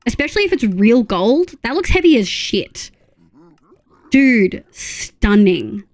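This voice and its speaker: A woman's voice: high-pitched, very animated, moderate pace, a little mellow. A young Australian woman streaming live, chatting casually with her viewers, reading their messages aloud and gushing over their photos. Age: young adult. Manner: chatty, reads chat aloud, gushing exclamations and muttered asides.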